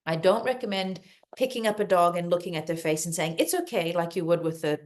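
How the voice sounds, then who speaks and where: Calm lower-voiced woman giving advice. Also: fairly quick. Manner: calm, explanatory, repeats words for emphasis. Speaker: dog behavior consultant guest. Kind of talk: podcast interview advice.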